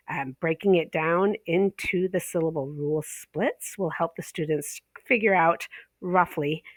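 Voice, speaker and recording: Low-pitched woman, ESL pronunciation instructor, casual teaching talk, dry close sound. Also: no room sound. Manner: casual, fillers, drawn-out example words.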